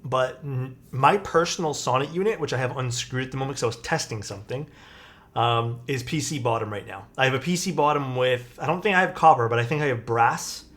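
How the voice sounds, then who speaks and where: A man chatting casually on a live stream, laid-back and low-energy, thinking aloud with fillers and restarts. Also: fairly quick, a bit bright.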